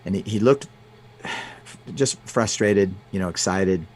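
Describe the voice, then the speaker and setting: A man, a guest in an interview, telling personal stories with many restarts and fillers. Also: low voice. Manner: halting, frequent restarts and fillers. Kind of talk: conversational storytelling.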